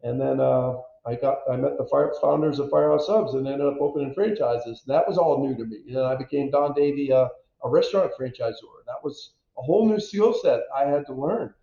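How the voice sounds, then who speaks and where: A man in his fifties from the United States, a former pro football player telling stories as an interview guest, animated and self-deprecating, acting out quotes. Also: mid-range voice, fairly quick, vocal fry. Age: 50s. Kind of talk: candid storytelling interview. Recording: echoey, dull lo-fi audio.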